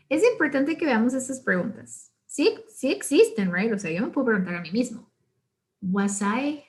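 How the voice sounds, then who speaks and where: A young woman with a Guatemalan Spanish accent leads an online English class. Her voice sits a little high, and she switches between English and Spanish, adding a questioning "right?" after nearly every point. She explains things patiently and slows down to model example sentences. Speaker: English teacher.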